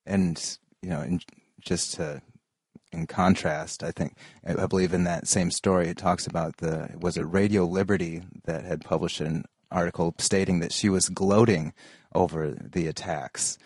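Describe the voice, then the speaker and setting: A man's voice: low-pitched, normal speed, a little mellow, breathy edge, no echo, clean studio sound. A man in casual chat, hedging his points with many "you know"s.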